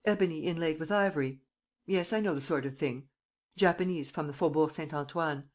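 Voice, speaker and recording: A woman voicing a suave mocking gentleman thief. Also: deep voice, lightly acted. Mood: gleeful. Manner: teasing, brisk, commanding. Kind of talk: audiobook reading.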